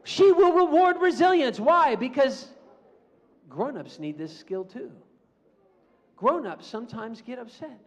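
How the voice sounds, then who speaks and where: A man's voice: extremely high pitch, measured pace, muffled recording. A man giving a playful motivational talk to a room full of students and calling for the audience to answer back. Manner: playful, animated, calls for audience responses. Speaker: motivational speaker. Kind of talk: school assembly talk.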